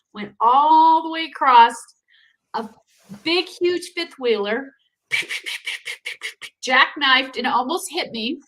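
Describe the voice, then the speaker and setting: A middle-aged woman co-hosting a business podcast, talking casually and telling animated stories. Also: high voice, rough recording. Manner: animated storyteller, acts out voices and laughs. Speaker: podcast co-host. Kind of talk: casual chat.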